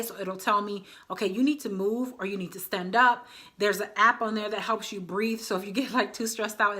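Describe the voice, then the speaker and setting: A woman's voice: medium pitch, bright, forceful tone. A woman in her thirties chatting casually to her viewers as a vlogger, often calling them y'all. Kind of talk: casual chat to camera.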